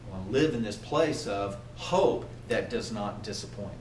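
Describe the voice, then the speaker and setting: A man giving a motivational training talk to a group, animated and often asking his listeners questions. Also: fairly low pitch, moderate pace, a little hiss or hum. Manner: animated, asks the audience questions. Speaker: workplace trainer. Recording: echoey room from far off.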